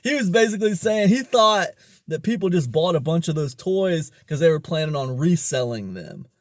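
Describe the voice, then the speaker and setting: A man's voice: on the high side, lively intonation, normal speed, no room sound. A man talking about online business in a casual storytelling monologue, rambling along with many fillers and restarts.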